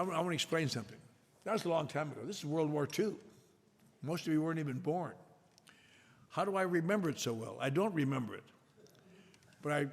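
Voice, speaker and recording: An older man telling a self-mocking story to an audience at a recovery meeting, with a wry, drawn-out delivery. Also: a little high, creaky. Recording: echoey hall with faint noise.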